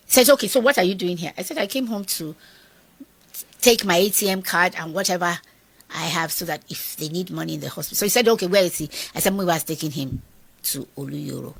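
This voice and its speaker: A middle-aged woman with a Nigerian accent tells a personal story to an interviewer. Her voice is low, gravelly and husky, with a bright, edgy tone, and she acts out each quoted line with animation. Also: dry recording. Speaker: guest.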